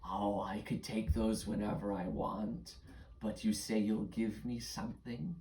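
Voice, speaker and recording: A woman voicing a sly shadow creature that hoards stolen shadows, speaking in a slow raspy whisper. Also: very deep voice, fairly even intonation, dark tone, reverberant, voice pushed down, poor audio. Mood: menacing whisper.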